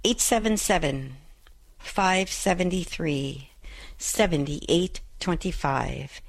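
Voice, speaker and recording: A woman hosts a Catholic call-in radio show, talking fast in a bubbly way with frequent laughs. Her voice sits on the low side for a woman. The studio sound is dry and close. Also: expressive, gravelly, dry recording. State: choking, clearing throat. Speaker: radio advice show host.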